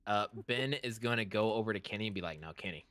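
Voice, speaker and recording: A man playing in a tabletop game, relaxed and chuckling, with many fillers. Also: on the low side, quick pace. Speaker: player. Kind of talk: casual tabletop play.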